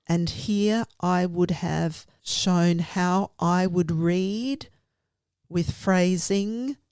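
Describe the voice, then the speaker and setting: Woman teacher explaining things step by step, lowish voice, slow. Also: a little mellow, smooth, no echo, studio quality. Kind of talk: professional conversation about teaching.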